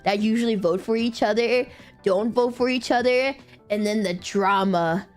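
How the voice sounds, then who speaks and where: A woman streaming casual chat, animated and giggly, laughing often and swearing casually. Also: mid-range voice, moderate pace, faint music behind.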